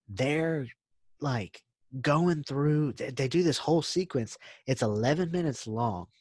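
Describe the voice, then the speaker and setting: A man's voice: medium pitch, no room sound. A young man co-hosting a podcast, chatting casually and eagerly retelling movie scenes, saying "dude" a lot. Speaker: podcast co-host. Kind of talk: casual chat.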